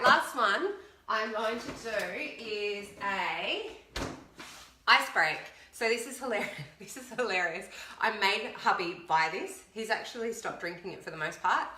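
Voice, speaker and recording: An upbeat woman, a fitness coach, chats casually to camera in a video while counting aloud. Her voice is mid-range, and the recording is echoey, with background noise.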